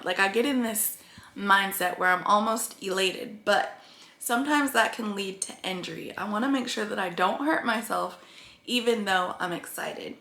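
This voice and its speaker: A woman's voice: medium pitch, moderate pace, pushed and bright, reverberant. A woman talking earnestly to her viewers in a rambling vlog about her weight-loss progress. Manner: earnest, rambling, tearful at times. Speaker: vlogger.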